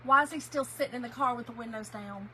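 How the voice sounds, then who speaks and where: A woman's voice: on the high side, fast talker, background noise. A woman, telling an emotional story in a chatty way while she crafts on a livestream, and she tears up easily.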